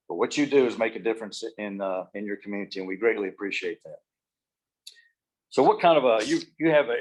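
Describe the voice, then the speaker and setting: A man gives a humorous motivational keynote speech, joking in a folksy, self-deprecating way. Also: lowish voice. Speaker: keynote speaker.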